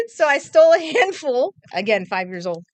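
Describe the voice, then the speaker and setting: A woman's voice: high voice, measured pace, dry recording. A woman in her forties, a news anchor, chatting casually on air and telling a story with acted-out quotes. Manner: animated storyteller, acts out quotes. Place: TV news studio.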